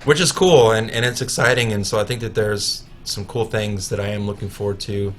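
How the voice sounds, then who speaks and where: A man's voice: fairly low pitch, steady tone, a bit bright, slight background noise. A man, a musician guest on a radio show, chatting casually in a studio, joking about himself and restarting his sentences often. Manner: joking, self-mocking, halting restarts.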